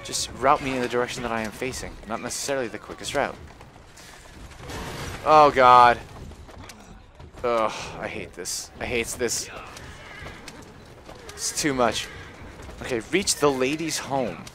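A man giving live gameplay commentary on a stream, often frustrated and cursing with loud outbursts. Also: mid-range voice, a little slow, long pauses, a little hiss or hum. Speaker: gaming livestreamer.

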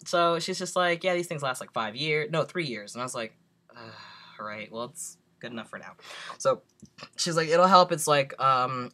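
A young man with a bright, clear-edged voice retells a story for his vlog. He tells it in an animated, exasperated way and acts out both sides of a conversation. His talk is loose and full of fillers and laughs. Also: mid-range voice. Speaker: vlogger.

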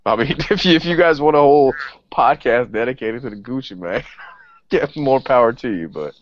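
A man's voice: medium pitch, animated, normal speed, no echo. A man hosting a podcast in casual, rambling chat. He swears freely and restarts his sentences. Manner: rambling and profane, with repeated restarts. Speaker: podcast host. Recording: dull lo-fi podcast audio.

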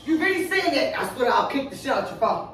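A high-pitched woman scolds her partner in a heated, profane rush, cutting him off again and again. She sounds well away from the mic, with the living room ringing around her voice. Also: big pitch swings, fairly quick, fairly bright tone, a little hiss or hum. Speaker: vlogger girlfriend. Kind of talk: casual couple prank video. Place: home living room, on a couch. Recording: roomy echo, distant mic.

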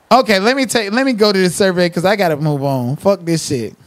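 A man's voice: high voice, animated, moderate pace, no echo. A man hosting a livestream, cursing and trash-talking someone in a confrontational rant. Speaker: livestream commentator.

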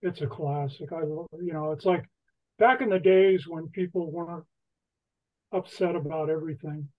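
A woman hosting an online trivia game, reading questions slowly and deliberately with a light laugh now and then. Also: low voice, phone-quality sound. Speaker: trivia host.

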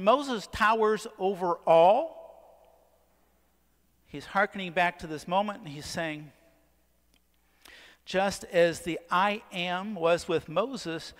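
A man preaching a sermon as pastor, asking the congregation questions and leaning on dramatic pauses. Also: sits high, fairly bright tone. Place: church. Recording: long church reverb. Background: church sanctuary.

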